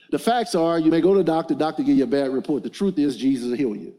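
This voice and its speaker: A middle-aged motivational speaker talks fast and expressively with few pauses, his warm voice a little high. Preaching to a men's gathering, he leads call-and-response and tells stories with emphasis.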